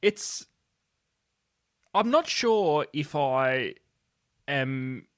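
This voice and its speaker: A man's voice: on the high side, expressive, drawn-out words, a bit bright, dry recording, studio quality. A man co-hosting a podcast, joking in casual banter. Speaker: podcast co-host. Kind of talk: casual chat.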